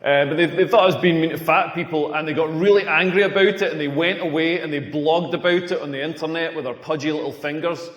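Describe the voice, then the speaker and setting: Deadpan stand-up comedian. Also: male voice, on the high side, fast talker, hardly any pauses, muffled recording. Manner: deadpan, crude, self-mocking. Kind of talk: stand-up routine. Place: comedy club stage. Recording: echoey stage with long reverb.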